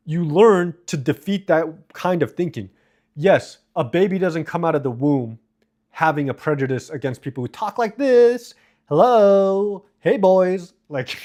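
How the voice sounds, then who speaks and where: A man's voice: on the high side, darkish tone. A man live streaming, reading and answering viewer comments in a casual, profane, rambling way. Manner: profane, rambling, quick asides.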